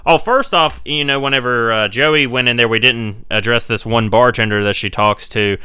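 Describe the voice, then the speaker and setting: A man's voice: on the low side, bright, forceful tone, smooth, dry recording. A man co-hosting a podcast, casually retelling a horror film scene by scene in a rambling way. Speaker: podcast co-host. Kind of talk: casual movie recap chat.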